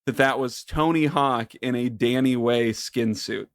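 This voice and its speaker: A man co-hosting a podcast, chatting casually with dry, relaxed joking. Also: mid-range voice, a little slow, dry recording. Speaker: podcast co-host.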